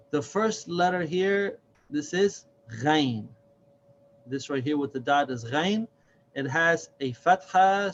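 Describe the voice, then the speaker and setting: A man's voice: on the high side, highs cut off. A man teaching a reading lesson step by step, patiently sounding out and repeating each syllable.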